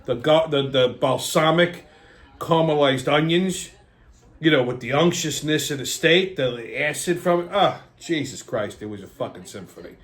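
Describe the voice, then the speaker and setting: A man's voice: on the high side, expressive, normal speed. A middle-aged man, hosting a casual, profane, rambling monologue. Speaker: host.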